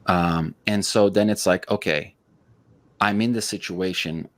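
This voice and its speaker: A man hosting a podcast, telling blunt, profane stories in a fast, hyperactive way. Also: steady tone. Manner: blunt, profane, high-energy storytelling; self-described hyperactive. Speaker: podcast host. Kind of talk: casual interview chat.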